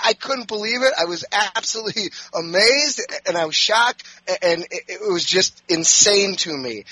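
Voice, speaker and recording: A man hosting sports talk, telling a game story in an animated, rambling way with many restarts. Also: sits high, dry recording, low-quality recording. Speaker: sports radio host.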